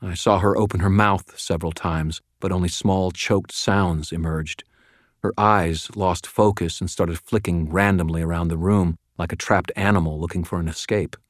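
A deep-voiced man reads a first-person audiobook at a measured, dramatic pace, sometimes sinking almost to a murmur. His low voice sits close to the mic, and the recording is dry with no trace of room echo. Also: fairly even intonation. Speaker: audiobook narrator.

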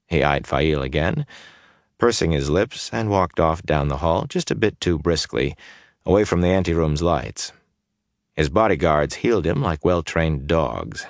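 Man, audiobook narrator, very low voice, dry close sound, measured pacing. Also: expressive, dry recording. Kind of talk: scripted fantasy narration.

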